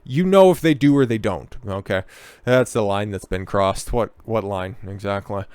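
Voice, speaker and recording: A man's voice: fairly low pitch, moderate pace, a little mellow, clear, resonant tone, dry recording, studio quality. A man giving heated, profane and sarcastic political commentary, reading out news and then ranting back at it.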